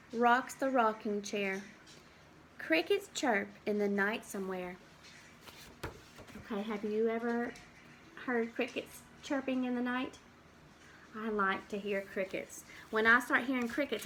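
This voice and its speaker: Brief slow, bright-voiced woman reading aloud. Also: a little high, a little hiss or hum. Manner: acts out animal and farm sounds, asks children questions. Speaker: teacher reading to children. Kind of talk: read-aloud storytime with explanations.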